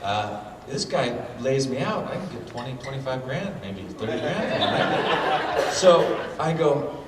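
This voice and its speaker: Convention guest, male, telling stories in a profane and animated way, echoey hall, mic far off. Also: medium pitch, moderate pace, noisy background. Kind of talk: comic storytelling. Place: convention panel room.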